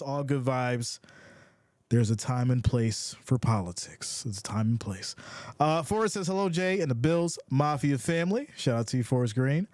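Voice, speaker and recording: A man's voice: mid-range voice, a little mellow, no room sound. Upbeat New York man hosting a stream. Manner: upbeat, repeats phrases, greets chat viewers by name. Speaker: live stream host. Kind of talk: casual live-stream chat.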